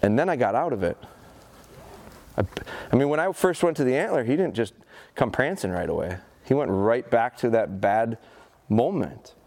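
A man runs a live dog-training seminar in front of an audience. He urges the dog on with short commands and quick praise. His pitch swings widely as he talks, rising high on encouragement and dropping low to explain. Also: expressive, darkish tone. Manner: talks plainly to the audience with rhetorical questions.

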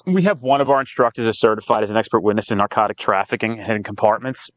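A man's voice: lowish voice, racing, no echo, lo-fi sound. A man guest on a podcast interview, telling cop stories with lots of swearing and quoted back-and-forth. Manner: profane, animated storytelling with quoted dialogue. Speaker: police training company founder, guest.

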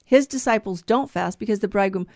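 A woman's voice: mid-range voice, quick pace, darkish tone, dry recording, clean studio sound. A woman co-hosting a podcast, explaining a gospel reading in casual chat, digressing and correcting herself as she goes. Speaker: podcast co-host teaching scripture.

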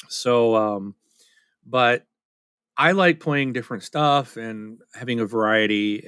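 This male podcast co-host keeps things casual and candid, poking a little fun at himself while frequently looping back and starting over. He speaks at a medium pitch in a bright, forceful voice, captured dry with no room sound at all.

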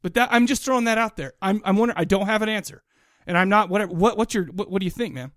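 Podcast co-host, male, higher voice, loose rambling delivery, dry close mic. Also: very fast, a bit bright, no room sound. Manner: rambling, self-interrupting. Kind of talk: casual chat.

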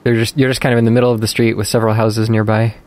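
A man narrating calmly and descriptively as game master of a tabletop game. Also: fairly low pitch, very fast.

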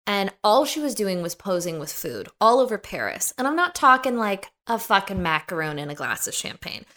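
A woman in casual podcast chat, telling animated, profane stories with big swings in pitch. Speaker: podcast guest, commentator on influencers.

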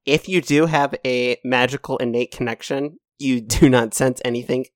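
A man running a tabletop game as dungeon master, lively and jokey with quick bursts of speech. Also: medium pitch, no echo, clean studio sound.

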